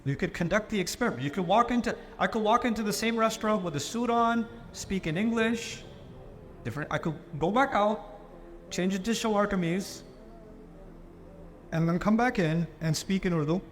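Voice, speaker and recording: High-voiced man preaching with emphatic repetition. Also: normal speed, faint music behind. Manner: emphatic, rhetorical questions and repetition; swings between raised and lowered pitch for emphasis. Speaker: Islamic lecturer. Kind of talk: sermon-style lecture.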